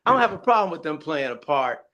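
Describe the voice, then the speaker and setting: A man in a casual podcast chat with a somewhat high voice. He stumbles and repeats words while working out his view, easy and conversational. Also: sing-song, quick pace, sharp tone, lo-fi sound. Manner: hesitant, repeats words while sorting thoughts. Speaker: podcast co-host.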